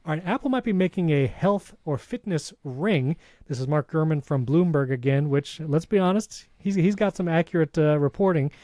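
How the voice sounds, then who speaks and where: This tech podcast co-host, a man from a Hispanic background, talks casually and enthusiastically reads sponsor spots with quick asides. His voice is a little high and mellow, with lively intonation and no room sound.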